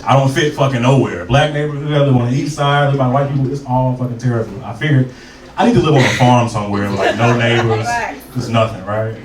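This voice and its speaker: A man's voice: mid-range voice, steady tone, quick pace. Man doing profane stand-up in a club. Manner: profane, loose storytelling with crowd work. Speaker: stand-up comedian. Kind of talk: stand-up comedy set. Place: comedy club stage. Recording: roomy live club sound from a distance with crowd.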